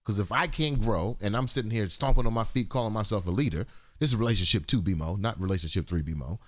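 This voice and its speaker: A man's voice: fairly low pitch, quick pace, a bit bright. A man co-hosting a casual morning livestream talk show, joking and profane in loose banter.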